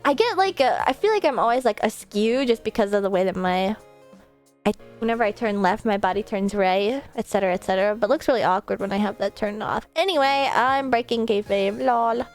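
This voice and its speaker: A woman VTuber with a mid-range voice streams from her home setup, chatting casually at a fairly quick pace. She rambles and swears occasionally, her desk mic placed a bit far off, with faint music behind her.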